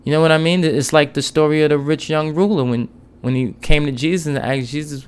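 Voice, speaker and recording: A man's voice: fairly high pitch, fairly even intonation, brisk, smooth. A man giving an informal devotional talk, conversational and repeating his key words with casual asides. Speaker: podcast preacher.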